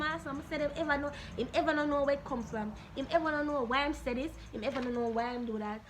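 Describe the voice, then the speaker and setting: A Jamaican woman YouTuber answering viewer questions in a blunt, animated, Patois-laced way. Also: high-pitched, fast, few pauses, a little hiss or hum. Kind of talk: casual Q&A vlog.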